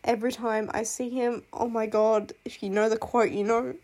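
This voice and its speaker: Gushing, rambling woman with a high-ish voice. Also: little pitch movement, moderate pace, a little mellow. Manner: rambling, gushing, swears freely, breaks into laughs and sighs. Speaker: booktuber reviewing fictional love interests. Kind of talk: casual chat.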